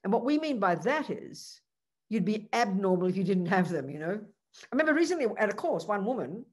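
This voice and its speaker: A woman's voice: medium pitch, sing-song, a little fast, slightly rough. A woman teaching the Dharma as a Buddhist nun, talking conversationally and earnestly, with rhetorical questions, restarts and frequent asides.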